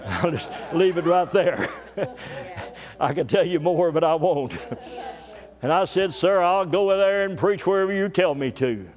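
A man's voice: fairly high pitch, darkish tone. An older man preaching, telling a personal story in a folksy way and acting out the voices of the people in it. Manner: folksy, acts out quoted dialogue. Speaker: pastor. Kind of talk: sermon storytelling. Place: church sanctuary. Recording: long church reverb.

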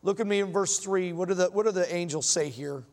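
A man's voice: high voice, fairly quick, gravelly, darkish tone. A man preaching a sermon in a church, telling folksy stories and asking the congregation questions. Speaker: pastor. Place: church sanctuary. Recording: long hall reverb.

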